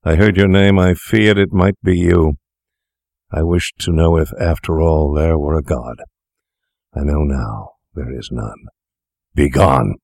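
A man's voice: low voice, steady tone, unhurried, vocal fry, darkish tone, no room sound, studio quality. A man reading a story aloud, voicing a shabby old drinker who speaks bluntly and with scorn. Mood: bitter. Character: bitter shabby old male drunkard, defiant. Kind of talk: audiobook reading.

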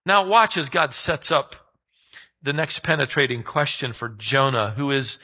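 A man's voice: medium pitch, expressive, a little slow, sharp tone, poor audio. A man preaching a sermon as a pastor, emphatic and putting rhetorical questions to his listeners.

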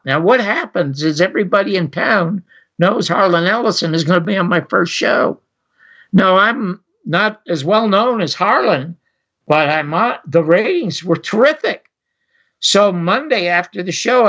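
A man's voice: unhurried, dull audio. An older man, a former talk show host, telling a story in an interview, acting out what other people said. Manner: animated, acts out others' lines with raised pitch. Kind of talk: anecdotal storytelling.

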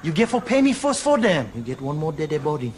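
An actor playing a hard-bitten diamond smuggler with a Sierra Leone Creole accent, bargaining bluntly. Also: male voice, fairly high pitch, sing-song, brisk, darkish tone.

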